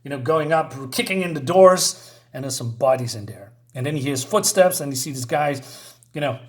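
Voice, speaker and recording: A man's voice: a little high, expressive, normal speed. Chuckling, rambling comic reviewer, a man. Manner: chuckling often, rambling with fillers. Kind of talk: casual review chat.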